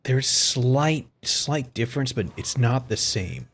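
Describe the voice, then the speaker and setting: A man giving casual live-stream commentary as streamer, excitable, swearing freely and chuckling often. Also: medium pitch, slow pace.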